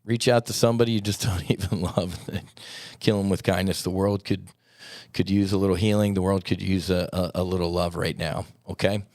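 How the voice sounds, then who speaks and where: Male podcast host, low-pitched, earnest and rambling, dry close sound. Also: steady tone, fairly quick, a little mellow, no echo. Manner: earnest, repetitive, often says "man". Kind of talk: reflective podcast monologue.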